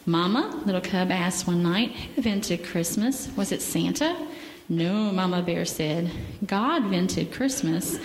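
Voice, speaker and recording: Gentle woman reading children's story in church. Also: fairly low pitch, a little slow, slight background noise. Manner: gentle, animated, asks children questions. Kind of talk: reading a picture book to children. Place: church sanctuary. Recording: echoey hall with faint ambience.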